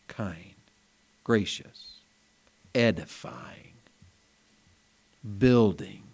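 A man preaching a revival sermon in a small church, folksy and storytelling, rising to loud emphatic peaks. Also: on the low side.

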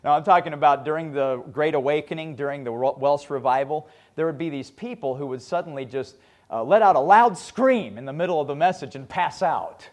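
A man preaching a sermon, retelling Bible stories with lively acted-out scenes and ending in prayer. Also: on the high side, brisk. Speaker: pastor.

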